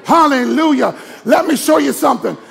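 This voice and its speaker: A man preaching a sermon to a congregation, calling on them to respond, moving from hushed teaching to shouted preaching. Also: very high voice, normal speed, creaky, some chatter behind. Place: church sanctuary with congregation.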